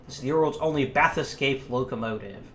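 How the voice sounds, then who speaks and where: A man's voice: medium pitch, fairly quick, natural voice. A man putting on an offhand train guard. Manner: offhand, casual. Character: careless male train guard, working man. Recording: echoey room, faint hiss.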